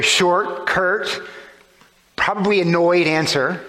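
A man's voice: sits high, a little slow, bright, forceful tone. A man preaching a sermon, explaining scripture with rhetorical questions and shifting emphasis. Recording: long hall reverb.

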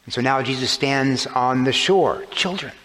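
At normal speed, in a mid-range and somewhat bright voice, a man delivers a sermon that unpacks scripture with rhetorical questions and changing emphasis, recorded with long hall reverb.

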